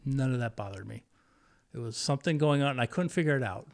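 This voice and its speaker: Podcast guest, man in his fifties, mid-pitched voice, candid and emotional, halting delivery with frequent restarts. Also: animated, creaky. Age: 50s. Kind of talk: personal storytelling interview.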